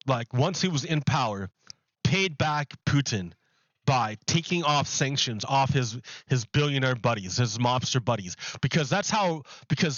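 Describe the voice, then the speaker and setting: A man streaming a video game, chatting casually in a rambling, animated way and restarting his sentences often. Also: medium pitch, no echo, dull audio. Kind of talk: casual chat while gaming.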